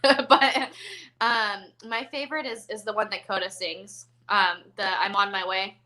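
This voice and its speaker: Chatty woman host, bright, crisp voice, lots of "um" and "like". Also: mid-range voice, fairly even intonation, unhurried, low-quality recording. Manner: chatty, giggly, filler-heavy. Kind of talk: casual movie chat.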